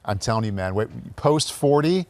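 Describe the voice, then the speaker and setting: A man's voice: medium pitch, lively intonation, moderate pace, no room sound. A man in his forties co-hosting a sports podcast, easygoing and steering the conversation. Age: 40s. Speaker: podcast co-host. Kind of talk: casual sports chat.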